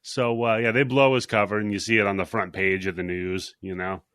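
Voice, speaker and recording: A young man hosts a podcast, retelling a film in a loose, rambling way and swearing freely. His voice sits on the low side. The sound is dry and close. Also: level tone, fairly quick, fairly bright tone, dry recording. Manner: rambling movie recap, laid-back, profane. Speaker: podcast host. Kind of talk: casual chat.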